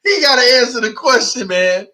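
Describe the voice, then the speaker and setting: A man hosting a fan channel, chatting to viewers in an emphatic, excitable way and leaning on "man" and "y'all" constantly. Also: very high voice, normal speed. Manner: emphatic, shouts and preaches at viewers. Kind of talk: excitable fan livestream chat.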